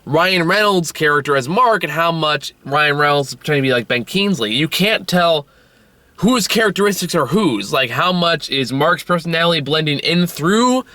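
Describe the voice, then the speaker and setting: A man's voice: a little high, bright, forceful tone, dry recording. A tired young man reviewing a film on his own, rambling and swearing with frequent restarts. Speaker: movie reviewer. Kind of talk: casual solo film review.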